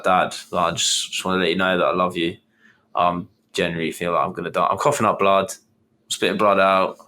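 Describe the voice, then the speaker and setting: A young man with a very low voice tells a long personal story on a podcast. He talks casually, rambling and restarting sentences as he goes. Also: pushed and bright. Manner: rambling, restarts and retells with quoted inner thoughts. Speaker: podcast host.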